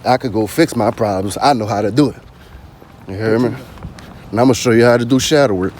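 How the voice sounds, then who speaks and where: A man's voice: lowish voice, a little fast, a little mellow, a little hiss or hum. A man vlogging in a casual spoken monologue, slangy and constantly asking "you hear me".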